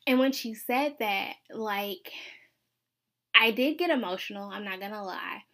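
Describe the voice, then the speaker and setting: Bright-voiced young woman, earnest podcaster. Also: fairly high pitch. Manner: earnest, confessional, peppered with "like". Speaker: podcast host. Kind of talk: casual faith podcast monologue.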